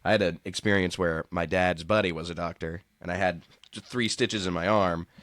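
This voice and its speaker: A young man telling anecdotes in a casual podcast chat, voicing the people he quotes in high tones. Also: steady tone, fairly quick, a bit bright, no room sound, clean studio sound.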